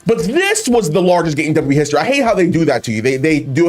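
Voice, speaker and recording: A man's voice: high voice, sing-song, fast talker, few pauses, faint music behind. A man hosting a video, ranting about wrestling in an exasperated, profane way with heavy swearing. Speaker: YouTube host reacting to wrestling memes. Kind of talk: ranting commentary.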